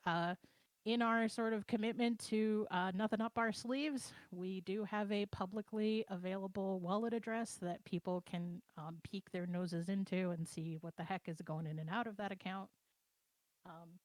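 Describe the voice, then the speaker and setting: A woman co-hosting a casual livestream chat, explaining plans in a relaxed, conversational way from home over a voice call. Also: medium pitch, dry recording. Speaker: project co-owner and co-host. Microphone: computer mic on a voice chat.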